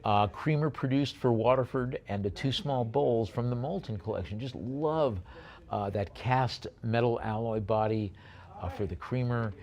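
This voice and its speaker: A man working as an auctioneer, calling bids briskly and adding chatty asides about each lot. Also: mid-range voice, a little mellow. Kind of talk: live auction bid calling.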